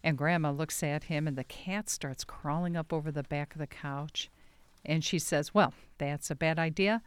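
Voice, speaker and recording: Low-voiced woman reading comic strips. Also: steady tone, moderate pace, smooth, dry recording. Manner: acts out quoted lines with raised pitch. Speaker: comics reader.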